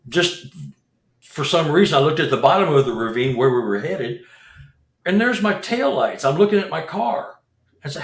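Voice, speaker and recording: A man's voice: fairly high pitch, very animated, normal speed. Man telling a rambling story, echoey room. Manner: rambling, with restarts and repeated words. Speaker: Bigfoot researcher and expedition leader. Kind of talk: casual storytelling.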